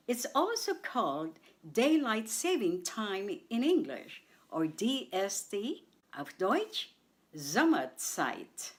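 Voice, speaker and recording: A woman hosting a radio language segment, spelling out words and saying them syllable by syllable for listeners to repeat. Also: a little high. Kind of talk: slow scripted language lesson. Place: radio studio.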